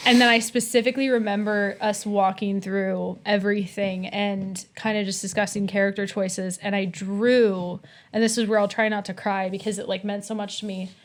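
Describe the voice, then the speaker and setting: A woman in her twenties, a podcast guest, telling a story in casual chat, animated, laughing often and acting out the people she quotes. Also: mid-range voice, moderate pace.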